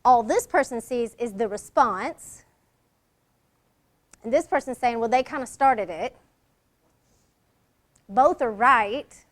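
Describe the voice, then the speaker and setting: A woman's voice: on the high side, lively intonation, slow, long pauses. A middle-aged woman leading a workshop, talking in a conversational way and acting out example lines in different tones. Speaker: workshop leader. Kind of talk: workshop presentation.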